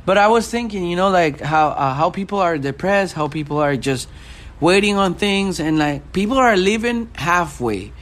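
Rambling young man, fairly high voice. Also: expressive, normal speed, fairly bright tone. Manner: rambling, searches for words. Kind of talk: casual chat.

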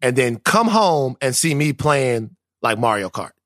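A man's voice: medium pitch, sing-song, unhurried, dry recording, clean studio sound. A man, co-hosting a podcast in casual, profane, joking banter. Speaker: podcast co-host.

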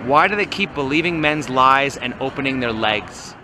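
A man's voice: medium pitch, lively intonation, moderate pace, sharp tone. A man asking provocative street interview questions.

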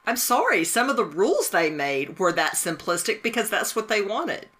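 A woman who teaches, talking casually about a film in a halting, emphatic way with many restarts. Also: medium pitch, big pitch swings, a bit bright. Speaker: teacher and podcast co-host.

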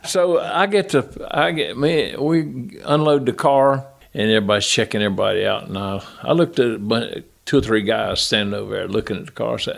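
Gravelly older storyteller. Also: male voice, medium pitch, a little fast, hardly any pauses. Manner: folksy, animated yarn-spinning with acted quotes. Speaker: guest, former crew chief. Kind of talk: storytelling interview.

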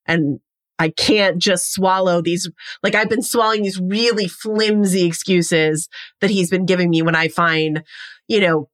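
A woman's voice: fairly low pitch, unhurried. A woman co-hosting a podcast, talking through her view of a TV series in casual chat. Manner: thoughtful, talks through her ideas with fillers. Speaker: podcast co-host.

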